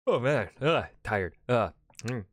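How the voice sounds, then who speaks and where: A man's voice: mid-range voice, animated, takes it slowly, dry recording. A man hosting a history reaction video, talking casually and rambling, swearing freely.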